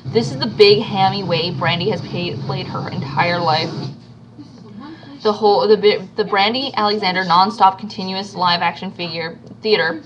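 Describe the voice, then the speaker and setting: A woman's voice: fairly low pitch, background noise. A woman reading a novel aloud as an amateur reader, stumbling over words and restarting now and then.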